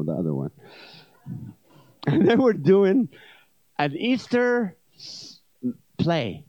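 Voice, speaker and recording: A man who is an evangelist, delivering a comedic sermon at a church service in an animated, joking way. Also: on the high side, no room sound. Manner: animated, joking, swings between loud punchlines and quiet asides. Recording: dull dry lo-fi sound.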